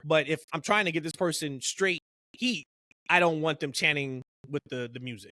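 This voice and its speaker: A man's voice: fairly high pitch, normal speed, sharp tone, no echo, studio quality. A man co-hosting a podcast, chatting casually and rambling with lots of "like" and "you know". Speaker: podcast co-host. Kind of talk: casual chat.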